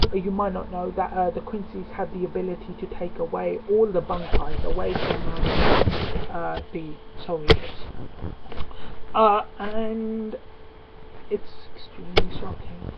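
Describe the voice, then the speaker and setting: A man giving a casual spoken review. He talks excitedly and often stops on "uh" and "um" mid-sentence. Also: high voice, creaky. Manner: excitable, halting with many fillers. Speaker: manga reviewer. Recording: lo-fi with steady background noise.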